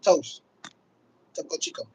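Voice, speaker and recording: A man's voice: a little slow, dark tone, highs cut off. A man chatting loosely and calling out to his viewers on a home livestream. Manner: laid-back, loose talk, calls out to viewers constantly. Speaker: livestream host. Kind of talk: casual livestream chat.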